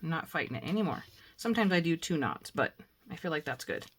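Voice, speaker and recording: A woman talking casually as she works through a crafting tutorial, chatting to herself and bursting into excitement now and then. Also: low-pitched, fast. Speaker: crafting vlogger.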